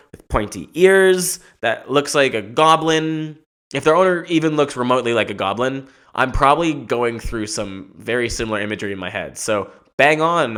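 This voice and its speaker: A man's voice: mid-range voice, a bit bright. A man hosting a podcast, riffing through a rambling comic monologue with casual swearing. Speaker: podcast host.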